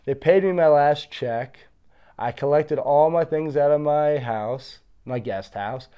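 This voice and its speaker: A man's voice: a little high, slow, clear, resonant tone, dull audio. A man who fights professionally, casually telling stories from his career and acting out what other people said to him. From Pennsylvania. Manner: animated, acts out the voices of others in his story. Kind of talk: casual storytelling.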